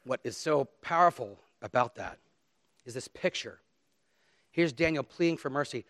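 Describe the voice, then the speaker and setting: A man's voice: mid-range voice, expressive, normal speed, fairly bright tone, dry recording. Earnest man preaching in a dry room. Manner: earnest, emphatic, dramatic reading of scripture. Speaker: pastor. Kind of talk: sermon.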